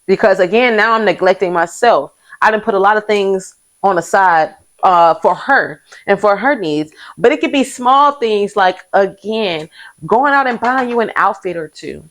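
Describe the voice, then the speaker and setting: A young woman talks into the camera in a loose, confessional way. Her voice sits at an ordinary middle pitch, and she keeps things frank and chatty, often laughing as she goes. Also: poor audio. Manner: candid, chatty, uses southern US vernacular, laughs often. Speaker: vlog host. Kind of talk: casual confessional chat.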